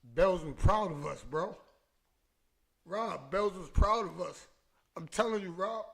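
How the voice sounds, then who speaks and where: A man's voice: sits high, slow pace, creaky, a bit bright, slightly rough. A man hosting a podcast, telling an emotional personal story in street slang and repeating phrases for emphasis, choked up at times. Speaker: podcast host.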